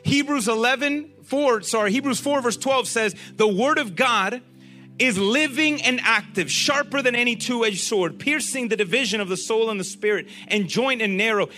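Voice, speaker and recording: A man preaching a sermon to a group, animated and often asking them questions. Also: very high-pitched, moderate pace, faint music behind.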